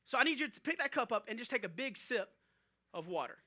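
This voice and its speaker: A male pastor preaching a sermon, animated and joking, talking straight to the congregation. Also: very high-pitched, fast. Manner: animated storytelling with jokes and audience asides.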